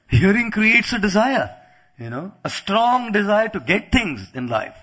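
A man's voice: high voice, very animated, unhurried, sharp tone, husky. A man preaching a sermon, telling stories and acting out quotes with playful asides. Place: lecture venue in the UK.

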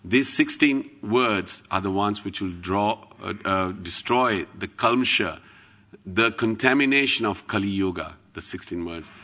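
A middle-aged man tells devotional stories in a low, gravelly voice with a bright, forceful edge. He swings from loud exclamations to hushed asides and laughs as he goes. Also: measured pace. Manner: laughs while telling stories. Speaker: devotional speaker. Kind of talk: devotional storytelling talk.

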